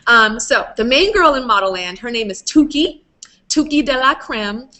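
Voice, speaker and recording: A woman's voice: a little high, animated, normal speed, sharp tone. A woman hosting a playful, casual video chat with fans, laughing often. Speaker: host. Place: video call. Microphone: video call.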